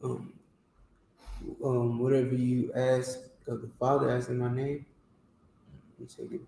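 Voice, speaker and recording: A man reading scripture aloud in a class, haltingly, with restarts. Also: mid-range voice, flat delivery, creaky, mellow, slight background noise. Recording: very echoey room.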